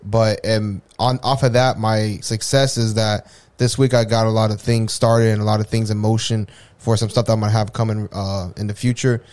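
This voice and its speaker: A man on a podcast, speaking in a flat, matter-of-fact way in casual chat. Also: on the low side, normal speed.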